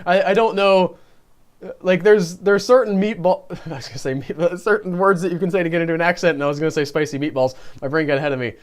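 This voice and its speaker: A man's voice: high voice, steady tone, fast talker. A man co-hosting a live-streamed movie review podcast in casual chat, talkative and self-deprecating, often laughing. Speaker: podcast co-host.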